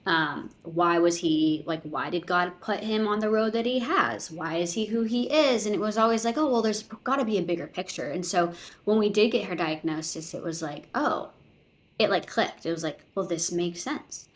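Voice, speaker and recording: A young adult woman, a podcast guest, telling a personal story in casual conversation, full of "like"s and lively quoted voices. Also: lowish voice, moderate pace. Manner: chatty, filler-heavy retelling with many "like"s, quoting others in lively voices.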